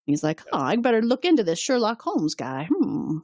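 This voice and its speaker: Woman podcast co-host, mid pitch, dry close mic; giggly, casual recapper. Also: huge pitch swings, a little mellow, dry recording. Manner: giggly, quick to laugh, recaps scenes in voices. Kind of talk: casual chat recapping a TV episode.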